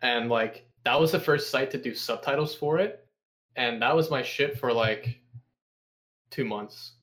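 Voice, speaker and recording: Speaking unhurriedly at a medium pitch, a young podcast guest spins profane, laid-back stories. Sarcasm runs through everything he says, and he keeps breaking into mocking impressions of coworkers.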